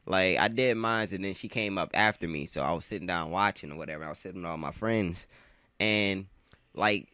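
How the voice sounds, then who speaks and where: A man with a lowish voice tells a story over gameplay. His delivery is slangy and rambling, full of "like," with frequent swearing. The sound is dry and close. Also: fairly quick, pushed and bright, no room sound. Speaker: gamer telling a story.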